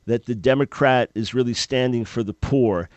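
Measured man hosting a call-in show. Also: mid-range voice, dry recording, lo-fi sound. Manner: earnest, measured, thinking aloud. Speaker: radio talk show host. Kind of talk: call-in radio talk.

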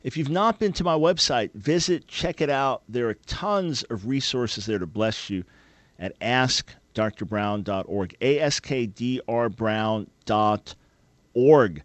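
A man's voice: medium pitch, expressive, a little slow, no echo. Earnest, emphatic male radio host. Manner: emphatic, earnest preacher-like delivery. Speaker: radio talk show host. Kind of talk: call-in radio talk.

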